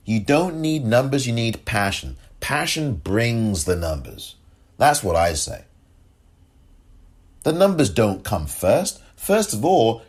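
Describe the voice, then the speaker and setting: A man giving impassioned political commentary, angry and sarcastic, often rising in pitch as he rants.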